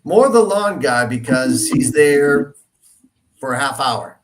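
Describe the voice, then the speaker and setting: A man's voice: fairly high pitch, expressive, slow pace, noisy background. A man cold calling as a real estate agent, chatting and teasing on a video call. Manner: playful, teasing, joking. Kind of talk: casual chat over a video call.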